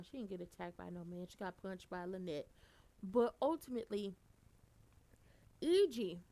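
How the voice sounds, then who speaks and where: A woman giving a casual, animated recap, blunt and profane, and she gets loud for emphasis. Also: fairly high pitch. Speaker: soap opera recapper.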